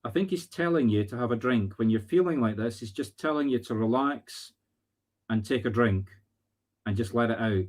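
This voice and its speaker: Scottish man, medium, live stream readings, earnest, halting, pauses to find words. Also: medium pitch, darkish tone.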